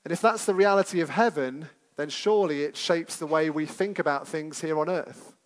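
High-voiced man preaching conversationally. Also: moderate pace. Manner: conversational, asks the congregation questions. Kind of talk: sermon.

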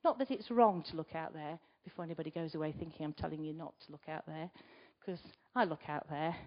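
A woman giving a conversational sermon, asking the congregation rhetorical questions and moving between loud emphasis and quiet asides. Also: low-pitched, fast. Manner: chatty, asks the listeners rhetorical questions. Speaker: preacher. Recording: slightly dull recording.

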